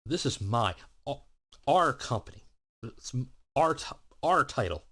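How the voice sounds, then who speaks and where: A man's voice: mid-range voice, expressive, a little slow, bright, forceful tone. A man voicing an unhinged, paranoid male wrestling boss who gives commands in urgent, clipped speech. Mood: agitated.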